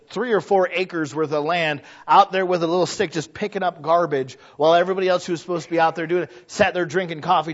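A middle-aged male pastor preaching a sermon in a church, talking conversationally and building to loud exhortation. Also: fairly high pitch. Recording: dull lo-fi recording.

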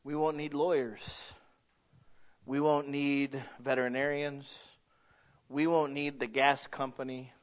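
A man preaching a sermon as pastor, dropping to a hush and then rising to loud, drawn-out declarations. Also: medium pitch, level tone. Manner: dynamic preaching, swinging from hushed to loud and drawn out. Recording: dull lo-fi sound.

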